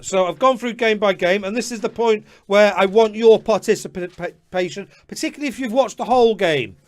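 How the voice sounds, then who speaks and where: A man hosting a live fantasy football stream, chatting to viewers by name with quick apologetic asides. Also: high-pitched. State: slightly out of breath. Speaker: host.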